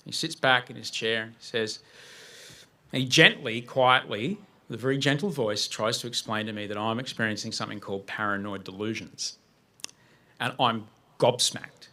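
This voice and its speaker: A man's voice: mid-range voice, moderate pace, pauses often, pushed and bright. A man speaking to an audience, telling a personal story vividly and acting out his own panic. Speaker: guest speaker. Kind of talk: personal story told on stage.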